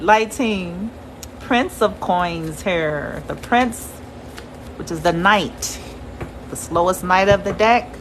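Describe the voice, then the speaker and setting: A woman's voice: medium pitch, vocal fry, slight background noise, poor audio. Blunt, swearing woman reading tarot. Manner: blunt, swears freely, laughs often. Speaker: tarot reader. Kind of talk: casual tarot reading to viewers.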